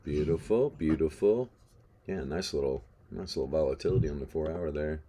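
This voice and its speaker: An extremely low-pitched man talks at a moderate pace with a dark tone, and there's a little hiss or hum in the audio. Hosting a live trading stream, he's laid-back, chatting about charts, swearing and laughing while he tells stories.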